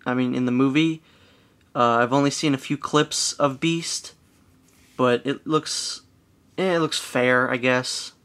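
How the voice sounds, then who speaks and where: Male toy reviewer, average pitch, laid-back and hesitant, casual delivery. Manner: hedging, relaxed, with frequent fillers.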